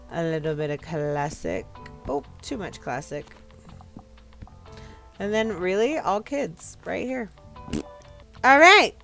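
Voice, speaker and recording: A woman hosting a casual gameplay video, chatting and reading game text aloud with sudden excited outbursts. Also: fairly low pitch. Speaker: gaming video host.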